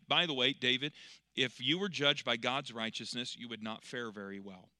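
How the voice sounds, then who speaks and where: A man preaching a sermon, swinging between loud, emphatic passages and quiet, drawn-out storytelling, slowing on key words. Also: medium pitch, steady tone, no room sound, clean studio sound. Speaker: pastor.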